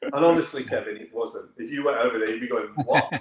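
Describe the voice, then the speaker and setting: A man from the United Kingdom, an actor, telling anecdotes in an interview with lively delivery and frequent laughter. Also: medium pitch, quick pace, a little hiss or hum. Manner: lively storyteller, laughs often, acts out other voices. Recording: roomy echo.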